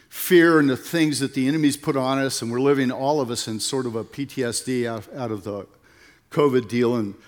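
An older man in his seventies, speaking as a conference speaker in an earnest, folksy way with repeated phrases. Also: mid-range voice. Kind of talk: sermon with prayer and jokes.

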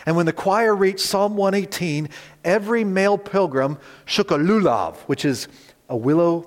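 A male pastor preaching a sermon, animated, rising loud on quoted words and turning to the congregation with conversational asides. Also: high voice, moderate pace, big-room sound.

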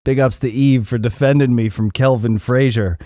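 A man's voice: mid-range voice, fairly even intonation, moderate pace, mellow, no echo, studio quality. A middle-aged man hosting his own podcast in a casual, profane, self-mocking rant. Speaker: podcast host. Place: Los Angeles area.

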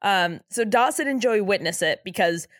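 Animated woman recapping a show. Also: medium pitch, moderate pace, dry recording, studio quality. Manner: laughing, animated retelling. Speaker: podcast co-host. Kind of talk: casual recap chat.

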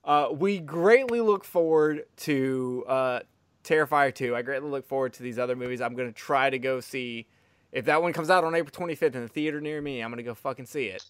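A male podcast host rambles enthusiastically and swears freely in casual talk. His middle-pitched voice is smooth and clear, a little fast, and sounds close and dry with no echo.

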